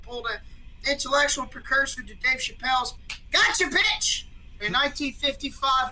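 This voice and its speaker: A man guest on a podcast, talking in a rambling, profane, excitable way. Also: very high voice, a little hiss or hum, low-quality recording. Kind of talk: casual podcast discussion.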